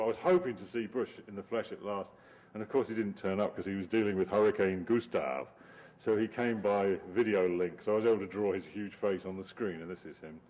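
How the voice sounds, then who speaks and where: A man in middle age talks his audience through slides in a loose, rambling way. His voice sits low, and he breaks into wry laughs at his own jokes. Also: a little mellow. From Britain. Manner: wry, digressive, laughs often. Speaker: cartoonist giving a talk. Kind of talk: informal talk over slides.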